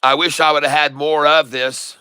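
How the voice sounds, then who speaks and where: A man giving live stock trading commentary, excitable, repeating his sell calls to viewers and joking in broken Spanish. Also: fairly high pitch, moderate pace, clear, resonant tone, no room sound. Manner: jokey, mixes in broken Spanish.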